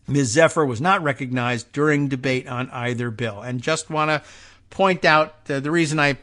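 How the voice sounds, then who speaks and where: A man's voice: medium pitch, moderate pace, a bit bright. A man hosting a political commentary podcast, sarcastic and rambling, often restarting his sentences. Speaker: podcast host. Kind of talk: political commentary talk show.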